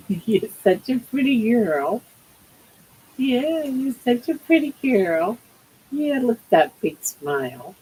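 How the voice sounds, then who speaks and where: A woman's voice: a little high, sing-song, takes it slowly, dark tone, slightly rough, low-quality recording. An older woman hosting a casual livestream from home, cooing baby talk to her pet. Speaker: livestream host.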